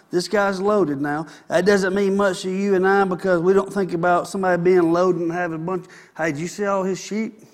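A man's voice: high-pitched, steady tone, fairly quick. A man preaching a sermon in a folksy, conversational way, with asides to the congregation. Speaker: pastor.

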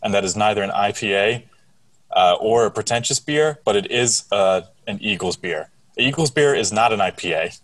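A very low-voiced man argues his side with indignant energy. His voice comes from a little away from the mic in a dry, dead-sounding room. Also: expressive, moderate pace, a bit bright, dry recording, recorded from a distance. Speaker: podcast co-host. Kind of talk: casual banter.

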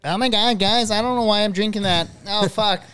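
A man co-hosting a rowdy, casual chat with a slightly high voice. He laughs often, swears and announces each next segment. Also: brisk, pushed and bright, smooth. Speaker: podcast co-host.

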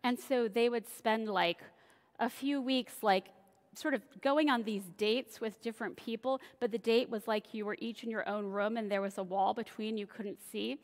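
Woman pastor, conversational sermon, playful storytelling, somewhat high voice, reverberant hall. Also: steady tone, normal speed. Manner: chatty, acts out voices in dialogue. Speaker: senior pastor. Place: church sanctuary.

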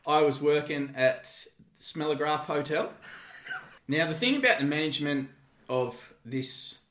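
This podcast guest, a former security guard in his thirties, swaps crude, cocky security tales in a relaxed conversation, speaking with an Australian accent. His voice runs on the high side and a bit bright, delivered a little slowly, and the echoey recording carries a faint hiss or hum.

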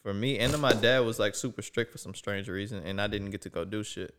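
A man's voice: lowish voice, fast, a bit bright. A young man co-hosting a podcast, talking in a laid-back, slangy way with casual swearing. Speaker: podcast co-host. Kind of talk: casual chat.

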